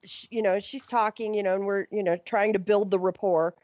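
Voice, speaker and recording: A woman host chats on a radio show, her story halting and full of fillers. The sound is dull and lo-fi, and the voice comes across dry. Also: mid-range voice, steady tone, a little mellow, dry recording. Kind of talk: casual radio interview chat.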